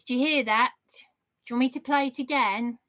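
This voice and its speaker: A woman's voice: sits high, brisk, a bit bright. A woman vlogger telling an aggrieved story to her viewers in an indignant, rambling way. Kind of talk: aggrieved monologue to camera.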